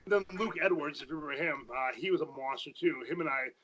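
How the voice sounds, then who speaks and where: A former powerlifter guesting on a podcast, talking in a casual, profane rush full of restarts. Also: male voice, fairly high pitch, crowd noise, poor audio. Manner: fast, profane, repeats himself in restarts. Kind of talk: casual chat.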